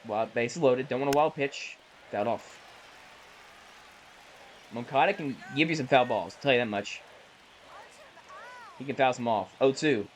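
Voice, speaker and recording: A man casually calling the plays of a baseball video game he is playing, chatty and self-correcting, with bursts of excitement on big plays. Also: medium pitch, a little slow, long pauses, a little hiss or hum, low-quality recording. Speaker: gaming YouTuber. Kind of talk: casual play-by-play while gaming.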